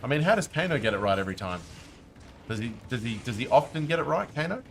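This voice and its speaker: A man's voice: mid-range voice, big pitch swings, fast, slight background noise. A man streaming a game, chatting casually with his viewers while he plays. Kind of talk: casual live-stream commentary.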